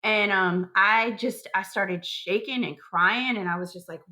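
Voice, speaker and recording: A woman in her thirties, a podcast guest, retelling a personal story in a lively way, acting out sounds and quotes. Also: medium pitch, measured pace. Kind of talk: emotional storytelling.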